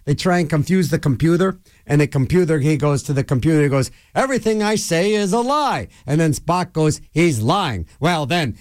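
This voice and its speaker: A man hosts a local radio show, wandering from one tangent to the next. His slightly high voice swoops up and down with lively energy as he rambles. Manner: rambling, digressive, animated storyteller. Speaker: radio host. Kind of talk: rambling casual radio talk.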